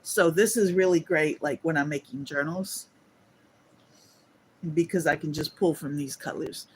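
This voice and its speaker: Slow, drowsy woman chatting. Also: low voice, a little mellow, slight background noise. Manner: chatty, yawning, addresses viewers as y'all. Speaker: livestream host. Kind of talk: casual livestream chat. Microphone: phone on a holder.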